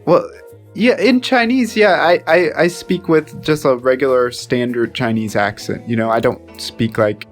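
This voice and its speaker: Rambling podcast co-host, stumbling and laughing. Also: male voice, unhurried, soft background music. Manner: rambling, stumbles and repeats words, laughs often; mimics voices in high squeals when retelling. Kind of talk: casual chat.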